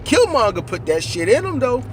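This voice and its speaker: A man in casual, animated conversation about a movie, riffing with profanity and acting out lines while riding in a car. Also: extremely high pitch, moderate pace, background noise. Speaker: co-host.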